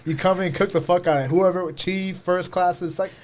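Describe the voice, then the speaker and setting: A man's voice: high voice, steady tone, a little fast, a little mellow. A man guesting on a podcast, teasing a friend in slangy, profane casual chat.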